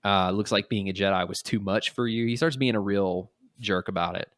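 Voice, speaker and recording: A man's voice: lowish voice, no room sound. Podcast guy recapping a comic, acts out the lines, dry sound. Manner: animated, acts out quotes in quick little voices. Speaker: podcast host. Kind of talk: casual podcast chat retelling a comic.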